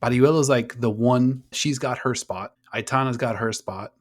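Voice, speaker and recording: A man's voice: medium pitch, moderate pace. A man co-hosting a casual women's soccer podcast, enthusiastic, swearing freely and rattling off player names. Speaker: podcast co-host. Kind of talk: casual sports chat.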